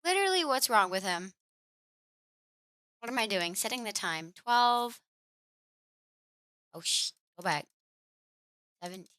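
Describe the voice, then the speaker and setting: A woman's voice: medium pitch, expressive, measured pace, long pauses, bright, forceful tone, no room sound, clean studio sound. A woman live-streaming a game from home, chatting casually and cooing at and scolding her cat between remarks. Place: home room.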